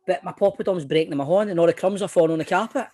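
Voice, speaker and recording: A man's voice: high voice, very fast, a little mellow. A Scottish man hosting a podcast, telling a self-mocking story in casual chat. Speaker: podcast host.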